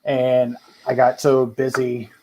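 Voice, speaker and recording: A man speaking as a guest on a casual podcast, in an ordinary mid-range voice. He talks in a relaxed, rambling way and leans on fillers. He sounds laid back as he tells his stories. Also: medium pitch, slow, a little hiss or hum. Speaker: podcast guest, firearms instructor.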